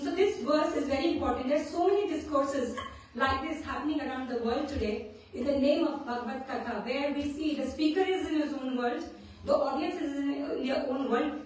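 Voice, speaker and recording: Woman, scripture class speaker, storytelling manner, high voice, booming temple hall. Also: darkish tone, slight background noise. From India. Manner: storytelling, often checks in with "right?". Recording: very echoey hall, mic at a distance.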